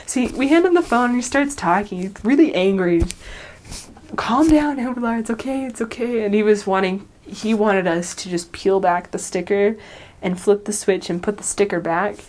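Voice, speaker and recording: Young woman telling a lively story. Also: mid-range voice, normal speed. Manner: animated, laughs often, acts out quoted voices. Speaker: returned missionary. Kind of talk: personal storytelling.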